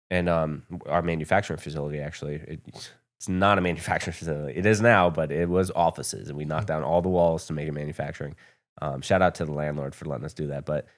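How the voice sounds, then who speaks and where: A man from the United States, a podcast guest telling his founder story in a candid, profane, rambling way. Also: rumbling low. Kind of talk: casual storytelling interview. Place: podcast studio.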